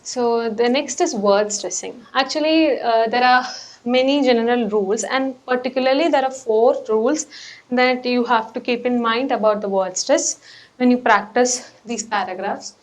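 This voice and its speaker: A woman teaches a test lesson, walking through pronunciation rules. Her voice sits a little higher than most, and she explains off the cuff, pausing on fillers and rephrasing as she goes. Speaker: PTE coach.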